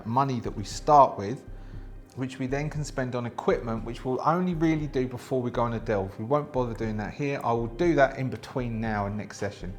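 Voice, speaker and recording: A man hosting a solo tabletop game, reading rules aloud and thinking through his choices in a chatty way, with many fillers and restarts. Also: mid-range voice.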